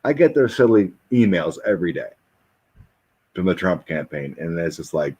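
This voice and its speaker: Low husky-voiced man rambling. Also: moderate pace. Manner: rambling, animated, mocking impressions. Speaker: host. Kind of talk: casual chat with tarot reading.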